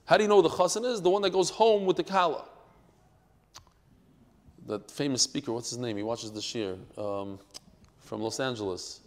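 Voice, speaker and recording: A man teaches a daily Talmud class to a live group, speaking in an animated, emphatic way, telling stories, and mixing Hebrew and Yiddish terms into his English. His voice is mid-range at normal speed with long pauses, and he's in a large hall.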